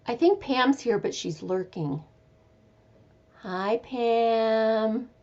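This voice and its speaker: A woman's voice: on the high side, extremely slow, darkish tone, dull audio. A woman hosting a casual live chat from home, chatty and meandering, with an easygoing manner. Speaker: live stream host.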